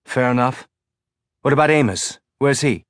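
A man playing a steady, blunt male captain who talks low and carefully. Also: moderate pace, no echo, clean studio sound, lightly acted.

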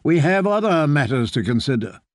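A man's voice: on the high side, very animated, a little fast, no room sound. A man voicing a weary, dry-witted lord commander in an audiobook. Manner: dry, mild.

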